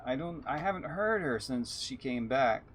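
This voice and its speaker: While streaming a space game live, this man from Texas muses aloud, chats and reads messages from viewers. He has an expressive, medium-pitched voice at a moderate pace, with a bit of hiss or hum.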